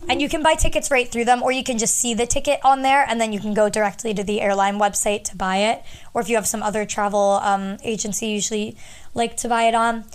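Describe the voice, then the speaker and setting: Young woman, slightly high and smooth-voiced, casual rambling host sharing travel advice. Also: steady tone, fast. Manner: chatty, rambling, many fillers.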